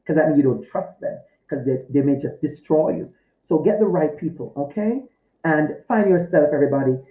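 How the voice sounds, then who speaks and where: A man's voice: a little high, lively intonation, fairly quick, roomy sound, dull audio. A male teacher speaking to his students in a recorded video lecture, heartfelt and direct, often repeating his key phrases. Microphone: recorded to camera for a video course.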